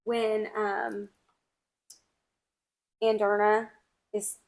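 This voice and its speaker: A woman's voice: mid-range voice, steady tone. A woman co-hosting a book club podcast, enthusiastically retelling favorite scenes and reading quotes. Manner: enthusiastic, drawn-out storytelling. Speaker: podcast co-host. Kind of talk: casual book club chat.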